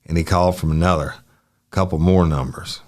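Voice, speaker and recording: A man's voice: low-pitched, fairly quick, lightly acted. A man reading out the answers of a young male witness in a police interview, polite and brief. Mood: plain. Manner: short answers, polite "yes, sir".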